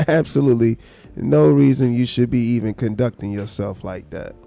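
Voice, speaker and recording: A gravelly, mellow-toned man holds forth on his live stream in a calm, low, deliberate voice. He stays blunt and swears freely. A faint bed of music sits behind him. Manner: calm, low, unhurried speaking tone; blunt and profane. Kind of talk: casual commentary rant.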